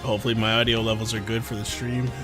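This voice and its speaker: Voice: medium pitch, level tone, fast, music in the background. A streamer chatting casually during a live game stream, laughing often and poking fun at themself. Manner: laughs often, self-deprecating.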